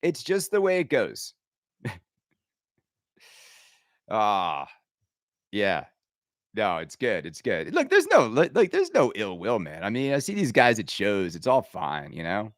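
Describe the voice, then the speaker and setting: A man hosting a podcast, ranting casually with sarcasm and quick asides. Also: on the low side, no room sound, clean studio sound. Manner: animated, sarcastic, riffing with laughs and mock impressions. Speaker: podcast host.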